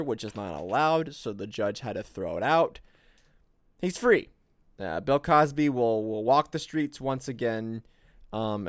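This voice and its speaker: A man's voice: mid-range voice, no echo. A man co-hosting a casual political podcast, rambling and sarcastic, with many restarts and fillers. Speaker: podcast co-host.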